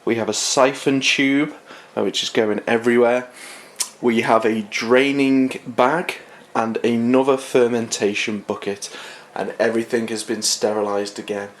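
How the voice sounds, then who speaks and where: A man's voice: medium pitch, steady tone, unhurried. A man with a nasal voice from a cold, chatting casually through a home winemaking how-to, with lots of ums and small restarts. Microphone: handheld camera, no tripod.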